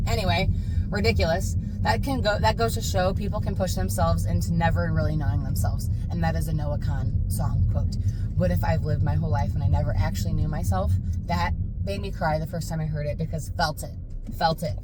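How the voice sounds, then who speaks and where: A woman's voice: deep voice, fairly even intonation, fairly quick. A woman in her thirties telling a candid, emphatic personal story while driving, often repeating herself for weight. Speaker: vlogger. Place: inside a car. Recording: loud road noise behind.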